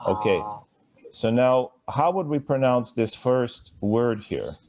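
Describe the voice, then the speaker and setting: A man's voice: medium pitch, lively intonation, takes it slowly, a little mellow. A man teaching a live Sanskrit class, chatty and asking students to repeat sounds after him.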